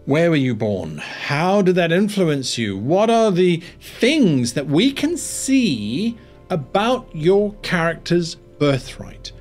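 A man on a screen-recording voice-over explains tabletop game mastering, thinking aloud and often restarting sentences. His voice is fairly high and swoops widely in pitch. Faint music runs in the background. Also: slow. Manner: animated, rambling, thinks aloud with many restarts. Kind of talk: tabletop roleplaying tutorial.

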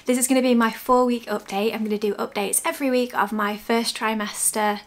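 A young British woman chatting through a casual vlog update, talking quickly with small laughs and sounding slightly out of breath. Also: fairly high pitch, steady tone. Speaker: vlogger.

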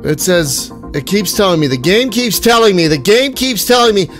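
A man's voice: high-pitched, expressive, normal speed, a bit bright, soft background music. A sick, tired man swearing and ranting at the game he is playing in a casual commentary. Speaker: let's play gamer.

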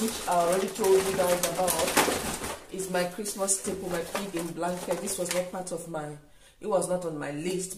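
A woman talking casually through a grocery haul for her vlog, unhurried and thinking aloud with frequent ums and restarts. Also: on the low side, heavy background noise. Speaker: vlogger. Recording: echoey room, voice a bit far from mic.

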